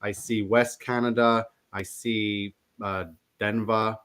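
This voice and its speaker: A man's voice: fairly low pitch, flat delivery, takes it slowly, a bit bright, clean tone. A man hosting a live stream chat, who greets viewers with enthusiasm. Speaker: host.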